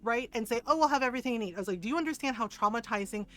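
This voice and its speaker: A middle-aged woman streamer chats casually with her viewers. Her voice sits a little high. She tells stories animatedly, acting out what others said and laughing often. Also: rapid-fire, a bit bright.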